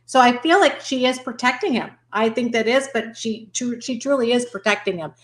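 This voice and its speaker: A woman's voice: on the high side, a little fast. A woman guest explaining behavioral cues methodically in a panel discussion. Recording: echoey room.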